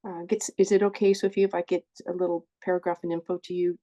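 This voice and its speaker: A woman's voice: on the low side, little pitch movement, fast talker, dark tone, muffled recording. A woman presenting to a group over a video call, talking in a chatty way, often correcting herself and apologizing. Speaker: presenter of a support group session. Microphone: earbuds with a phone.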